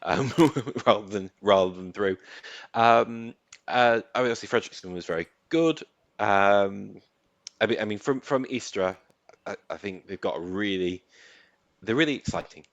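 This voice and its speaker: A man's voice: fairly low pitch, normal speed, dry recording. A man co-hosting a casual football podcast, talking hesitantly with many fillers and restarts, heard through a dull, lo-fi recording. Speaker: podcast co-host. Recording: dull lo-fi sound.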